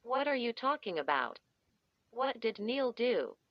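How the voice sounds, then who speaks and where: A shaken young man asks anxious, halting questions, as a woman reading the story voices him. He is slow and tense. The recording is dull and dry, with no room echo. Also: a little high, sing-song.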